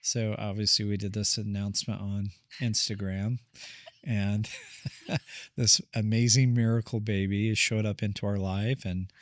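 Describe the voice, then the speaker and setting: A man's voice: fairly low pitch, dry recording, clean studio sound. A man who is a therapist, a guest on a podcast, telling a family story in an earnest, rambling way and acting out what people said. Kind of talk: casual storytelling conversation.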